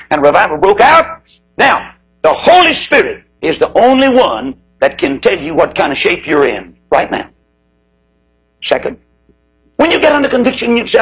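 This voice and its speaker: A man preaching an impassioned revival sermon, swinging from loud high cries to low hushed tones. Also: creaky, husky, rough recording.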